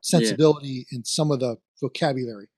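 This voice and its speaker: A man with a Philadelphia-area accent hosts a casual chat, circling his points with fillers and restarts. His voice sits at a middling pitch. The recording is dry and close. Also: quick pace, darkish tone, dry recording. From New Jersey, near Trenton. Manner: rambling, many fillers and restarts. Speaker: podcast host.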